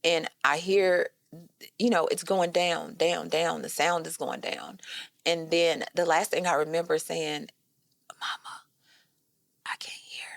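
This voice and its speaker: A woman in her thirties recounts her own story in a candid, animated podcast chat. Her voice sits on the low side and the recording is dry and close. She leans in with casual asides to her listeners. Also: measured pace, vocal fry, no room sound. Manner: animated storytelling, addresses listeners as "y'all" and "girl". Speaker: guest. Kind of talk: personal storytelling in a podcast conversation.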